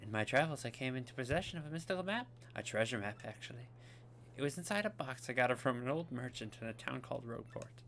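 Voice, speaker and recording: A man's voice: mid-range voice, animated, fast, a bit bright, slight background noise. A man voicing a princess reading out her letter in a sweet, coaxing way. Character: gracious young princess writing a letter.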